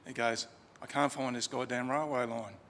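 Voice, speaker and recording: In a reverberant crematorium chapel with faint ambience, a man delivers a casual eulogy, telling a story about a friend with fillers and restarts. His medium-pitched voice is steady and fairly bright at a normal pace, with a little hiss or hum in the recording.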